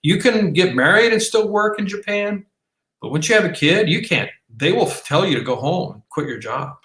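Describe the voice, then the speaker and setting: A man's voice: sits high, lively intonation, moderate pace, sharp tone. A man co-hosting a casual podcast, talking in a rambling way with many restarts and fillers. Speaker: podcast co-host. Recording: roomy echo.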